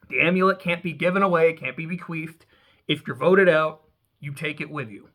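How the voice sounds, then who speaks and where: A man's voice: fairly high pitch, fairly bright tone. A man hosting a casual recap, rambling and swearing, laughing often as he paraphrases what others said. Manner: rambling, profane, laughs often, quotes people in quick paraphrase. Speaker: podcast host recapping a reality show.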